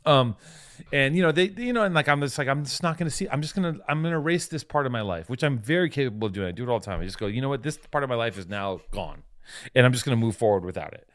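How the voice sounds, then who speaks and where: A man co-hosting a podcast, firing off profane, mock-furious rants at high speed. His pitch swings widely as he jumps from grievance to grievance, and the back-and-forth stays casual even at its angriest. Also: racing. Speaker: podcast co-host.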